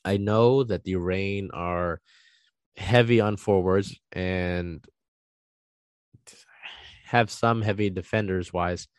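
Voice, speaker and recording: A man's voice: fairly low pitch, darkish tone, dry recording. A man giving a casual solo recap of soccer trades, talking through his thoughts with frequent ums and uhs. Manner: conversational, frequent ums and uhs, thinking aloud.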